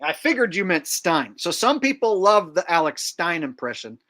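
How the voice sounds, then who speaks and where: A man's voice: high voice, sing-song, normal speed, sharp tone. A man hosting a casual livestream, chatting and joking about his own impressions. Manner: joking, self-mocking, laughs often. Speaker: host.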